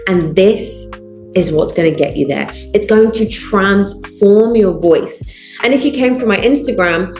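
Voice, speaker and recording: A woman's voice: medium pitch, darkish tone, roomy sound. A woman voice coach leading a guided breathing lesson over a video call. She gives encouraging step-by-step instructions and counts out each breath. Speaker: voice and public speaking coach.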